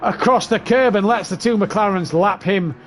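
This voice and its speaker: A man's voice: sits high, moderate pace, a little hiss or hum. A man commentating a sim race, chatty as he runs through positions and gaps.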